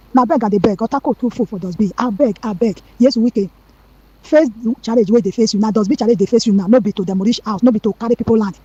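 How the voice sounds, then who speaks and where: A man's voice: extremely high pitch, dark tone, husky, no echo. A man speaking Nigerian Pidgin, pleading in a chatty voice note sent to a radio show. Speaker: caller. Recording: dull lo-fi voice note.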